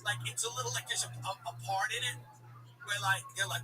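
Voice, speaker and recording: A man's voice: sits high, fairly even intonation, fast talker, distant mic, music in the background, low-quality recording. A man hosting a comedy commentary show, riffing in a sardonic, digressive way with lots of asides.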